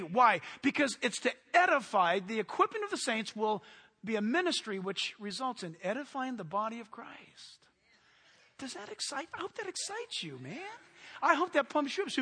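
High, bright-voiced preaching pastor. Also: male voice, normal speed, husky, in a large hall. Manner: animated preaching, sudden drops to near-quiet asides. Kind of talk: sermon.

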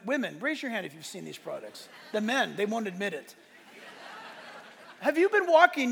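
A pastor preaching a sermon in a church, swinging between quiet asides and loud emphatic lines, with a congregation listening. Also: male voice, sits high. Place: church sanctuary. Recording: echoey church hall with congregation.

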